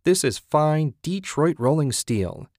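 An eager, stubborn husband who is crazy about classic cars, read by a man. His lines are enthusiastic and defensive, in a fairly low voice recorded dry and close. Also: expressive, normal speed, dry recording. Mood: excited.

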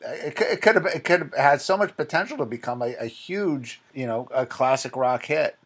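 A man's voice: mid-range voice, animated, normal speed, a bit bright. A man hosting a podcast interview in a casual, enthusiastic way, talking like a fan. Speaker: podcast host.

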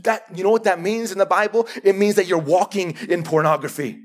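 A man's voice: high-pitched, a little fast. A man preaching a live sermon as a pastor, emphatic and repeating key words for force.

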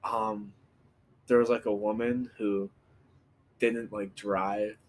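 A man's voice: fairly low pitch, little pitch movement, slow pace. A young man co-hosting a podcast in casual chat, bantering loosely with some swearing and laughing easily. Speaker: podcast co-host.

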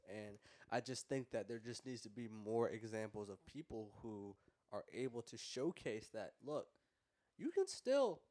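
A young man hosting a podcast, talking in a rambling, animated way with lots of fillers. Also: fairly low pitch. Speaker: podcast host. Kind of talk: casual podcast chat.

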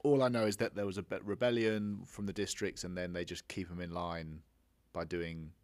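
A man's voice: low voice, level tone, normal speed, no echo. A man co-hosting a casual movie review chat, hesitant and full of restarts. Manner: hesitant, many restarts and trailing off. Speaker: film review co-host.

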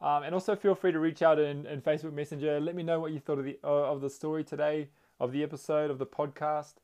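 A man's voice: on the high side, flat delivery, quick pace, a little mellow. A man hosting a casual storytelling podcast, talking in a friendly, earnest way.

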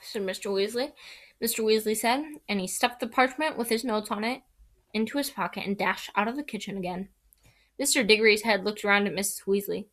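A woman's voice: medium pitch, a little fast, fairly bright tone. A woman reading a novel aloud in a casual, unpolished way, correcting her own slips. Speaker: audiobook reader.

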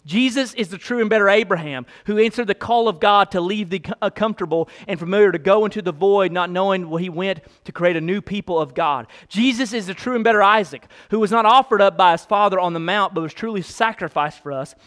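High-voiced man preaching a sermon. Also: fairly quick, few pauses, fairly bright tone. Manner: swings from low reading voice to high emphatic preaching; reads long quotations aloud. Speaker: pastor.

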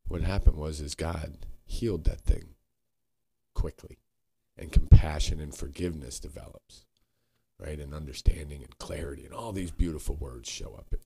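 A man co-hosting a podcast, talking earnestly and haltingly, searching for words and swearing now and then. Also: extremely low pitch, vocal fry, warm tone, husky. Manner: frequent swearing. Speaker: podcast co-host. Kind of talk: candid reflective conversation.

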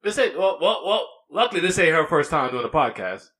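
A man's voice: on the high side, very animated, fairly quick, fairly bright tone. A man hosting a podcast in casual chat, laid-back and teasing, talking into a studio mic. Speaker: podcast host.

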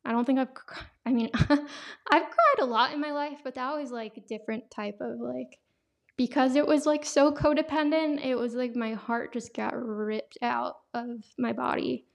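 A young woman hosting a podcast, sharing an emotional personal testimony in a halting way, full of fillers. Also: high-pitched, steady tone, gravelly. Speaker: podcast host.

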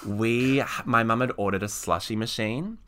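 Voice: medium pitch, moderate pace, over a noisy crowd. A young adult co-host telling a rambling, swear-heavy story in casual podcast chat, laughing as it goes.

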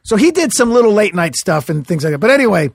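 A middle-aged man with a higher voice than most tells old stories as a podcast guest. He talks in animated bursts, swears freely and restarts his sentences. The recording is dry and close. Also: fast, vocal fry, no room sound. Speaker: comedian guest. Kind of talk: casual storytelling chat.

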